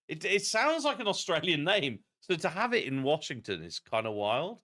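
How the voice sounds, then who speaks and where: Chatty man, lively voice. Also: a little high, moderate pace, few pauses. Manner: chatty, animated, self-deprecating. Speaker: streamer. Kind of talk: live-stream game commentary.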